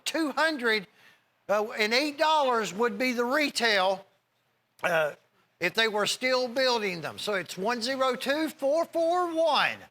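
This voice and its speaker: A middle-aged man hosting a TV shopping show, giving a folksy, rambling sales pitch straight to viewers. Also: sharp tone. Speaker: TV shopping host.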